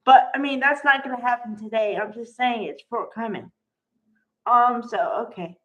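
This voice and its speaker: A woman chatting casually as she recaps a soap opera episode, animated and acting out the characters' lines. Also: fairly high pitch, normal speed, lo-fi sound. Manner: chatty, animated, acts out quotes.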